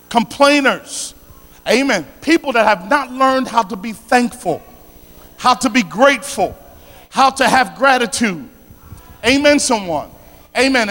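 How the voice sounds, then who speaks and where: A man with a South Philadelphia accent preaching a sermon with call-and-response, building to shouted, sing-song passages. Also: very high voice, long reverb tail.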